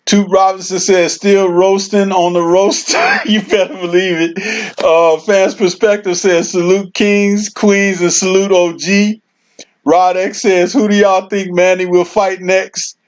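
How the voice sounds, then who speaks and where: A man's voice: sits high, flat delivery, unhurried. A man hosting a casual livestream, reading viewer comments aloud and laughing often. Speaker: livestream host reading chat. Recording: dull lo-fi stream audio.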